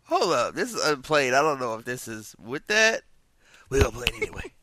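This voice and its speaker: A man hosting a podcast, reacting to a listener's message with excited jokes. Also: on the high side, brisk, no echo. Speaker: podcast host. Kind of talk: casual chat.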